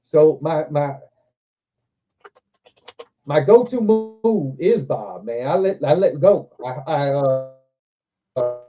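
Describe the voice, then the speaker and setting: A man's voice: fairly high pitch, slow, long pauses, over music. A man telling a long, profane story in casual chat, acting out what he said. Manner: profane, animated storyteller, acts out quotes. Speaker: show host. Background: other men on a livestream hangout.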